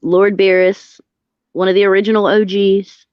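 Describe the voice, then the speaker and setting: Southern gal chatting on a stream, folksy sayings, smooth voice, dry dull audio. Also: female voice, medium pitch, flat delivery, moderate pace, dry recording. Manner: folksy, uses homespun sayings. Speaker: guest. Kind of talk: casual live stream chat.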